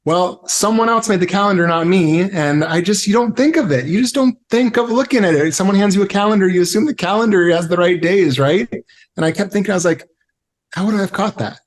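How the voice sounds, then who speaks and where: A man's voice: high-pitched, brisk. A man who is a guest on a podcast, talking in a reflective, conversational way and telling stories. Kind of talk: casual conversation.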